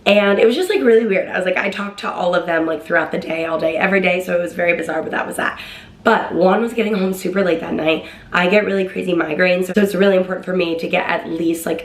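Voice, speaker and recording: A young woman telling a story to the camera in a chatty, excitable way, acting out the quoted lines in a higher voice. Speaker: vlogger. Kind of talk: casual storytime. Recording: roomy, echoey room.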